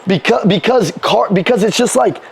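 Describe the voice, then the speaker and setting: A man's voice: high-pitched, creaky. A man leading a live sales seminar, coaching the room with punchy call-and-response lines and casual, sometimes swearing talk. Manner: casual, swears, quick restarts. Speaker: sales trainer.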